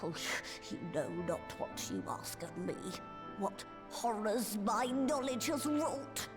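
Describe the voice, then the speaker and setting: A slow, dramatic hermit creature, game cutscene over a loud score. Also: female voice, fairly high pitch, sing-song, music in the background. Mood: torn. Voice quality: dramatic, theatrical, archaic speech. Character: reclusive, guilt-ridden small magical creature scholar. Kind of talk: video game cutscene voice acting.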